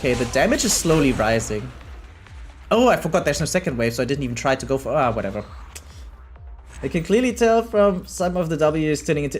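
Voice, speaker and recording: German guy streaming a game, super animated bouncy voice, laughs a lot reading chat, bit of game music under it. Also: a little high, fairly quick. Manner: animated, laughs often, reads chat aloud and answers it. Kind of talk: live gameplay commentary, chatting with viewers.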